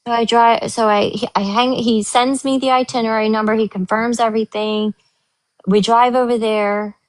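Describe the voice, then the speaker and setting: A woman hosting a podcast, telling a story in a casual, animated way and acting out what others said in a higher voice. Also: moderate pace, no echo. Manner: animated, acts out quotes in a higher voice. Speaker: podcast host.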